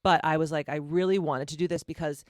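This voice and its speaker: A woman's voice: low-pitched, steady tone, fast talker, no room sound, studio quality. Blunt, profane woman podcaster. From Massachusetts. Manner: blunt and profane, chatty with many fillers. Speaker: podcast host. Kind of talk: candid solo podcast monologue.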